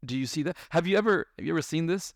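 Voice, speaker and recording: A man who is a parent gives a lively lecture, often asking his audience questions and acting out parents and children. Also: a little high, racing, gravelly, dry recording, clean studio sound. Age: adult parent. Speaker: Islamic speaker.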